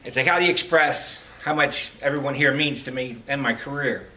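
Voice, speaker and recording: A middle-aged man giving a heartfelt farewell speech as a retiring police lieutenant, telling stories with halting restarts. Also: medium pitch, pushed and bright. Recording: distant mic, faint background noise.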